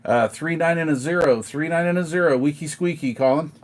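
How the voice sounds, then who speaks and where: Brief: middle-aged male radio hobbyist, slightly high voice, chatty, slangy CB lingo, home live stream. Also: brisk. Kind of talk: casual live-stream chat over CB radio. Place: home, at a kitchen table.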